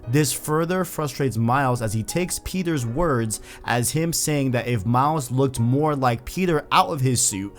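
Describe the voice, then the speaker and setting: A man hosting a video who recaps a story in a casual, conversational way, speaking straight to his viewers. His voice sits in the middle of the range. Soft music plays quietly underneath. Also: medium pitch, lively intonation, measured pace, hardly any pauses. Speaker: video host. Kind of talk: casual book recap commentary.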